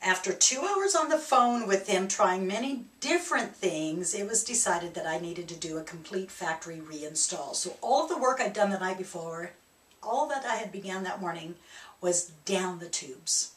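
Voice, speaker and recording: A woman shares a reflective personal story as a spiritual speaker. Her delivery is animated, with laughs along the way. Her mid-pitched voice sits back from the mic in a roomy, echoing space. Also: normal speed. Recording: echoey room, distant mic.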